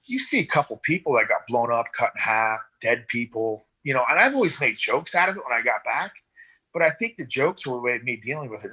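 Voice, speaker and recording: A man's voice: medium pitch, brisk, husky. A middle-aged man, a veteran rescue swimmer and paramedic, telling rambling stories in a casual interview and acting out the voices of the people in them. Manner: rambling, animated, acts out voices in anecdotes.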